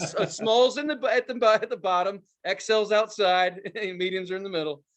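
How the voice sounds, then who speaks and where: A man co-hosting a podcast, telling a story in casual chat, swearing a lot and acting out quotes loudly. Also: high-pitched, a little fast. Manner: profane, animated storytelling with loud acted-out quotes. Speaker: podcast co-host.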